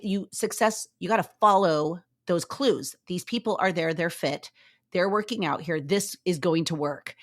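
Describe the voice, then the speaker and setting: A middle-aged woman hosting a podcast, telling her own story in an energetic, motivational way and acting out what people said. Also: medium pitch. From Southern California. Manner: energetic, animated, acts out quoted voices. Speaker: podcast host.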